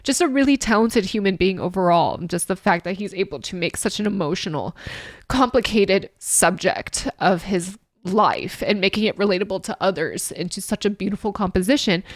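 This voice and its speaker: A woman giving heartfelt reaction commentary on a song, tearful and emotional, halting with small laughs and sighs. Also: medium pitch, no echo, clean studio sound. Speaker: music reaction YouTuber.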